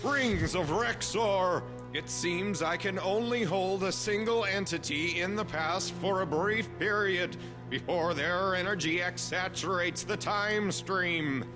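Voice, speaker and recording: Grandiose time-bending mystic. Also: male voice, high-pitched, slow pace, poor audio. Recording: game audio with loud music behind.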